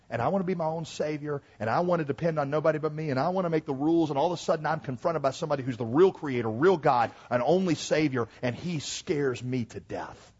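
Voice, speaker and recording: A man giving a sermon as a pastor in a church, swinging from hushed, intimate lines to loud, rising exhortation. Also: fairly high pitch, husky. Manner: dynamic preaching, swings from hushed to shouting. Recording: dull lo-fi sermon recording.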